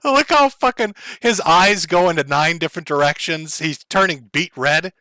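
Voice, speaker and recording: Sarcastic male streamer, high bright voice, dry close mic, profane. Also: expressive, normal speed, no echo. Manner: sarcastic, profane, laughing often. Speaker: streamer reacting to a clip. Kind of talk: casual mocking commentary.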